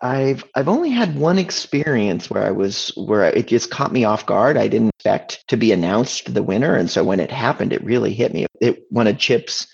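A man hosting a casual podcast, reflecting warmly and enthusiastically on stories. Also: medium pitch, expressive, normal speed, gravelly, hardly any pauses, breathy edge, muffled recording. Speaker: podcast host. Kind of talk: casual interview chat.

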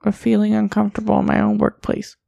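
A woman's voice: mid-range voice, monotone, fast, vocal fry, dark tone, no echo, lo-fi sound. A woman playing a character at a tabletop game, teasing and given to dramatic complaints. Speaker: player.

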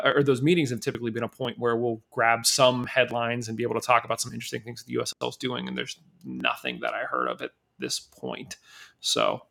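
A man's voice: medium pitch, fairly bright tone. A man hosting a casual sports podcast, chatty and easygoing, leading the talk with plenty of fillers. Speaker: podcast host.

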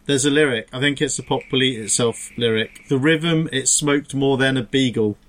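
A man's voice: mid-range voice, moderate pace, a bit bright. A man, co-hosting a podcast and telling a long joke in a rambling way, breaking off and restarting often. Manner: rambling, self-interrupting storyteller with stray laughs. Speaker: podcast co-host. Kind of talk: casual chat, joke telling.

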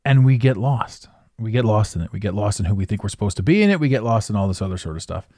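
A man delivers a casual podcast rant, blunt and profane, laughing now and then. His voice swings widely in pitch as he hammers his points home. The sound is dry, with no room echo. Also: animated, quick pace, mellow. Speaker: podcast host. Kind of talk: casual ranting monologue.

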